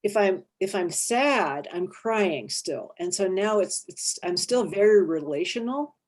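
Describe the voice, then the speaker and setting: A woman therapist leading an interactive workshop, lively and expressive, acting out inner voices and checking in with her listeners. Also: mid-range voice, unhurried. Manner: animated, acts out inner voices and checks in with "right?".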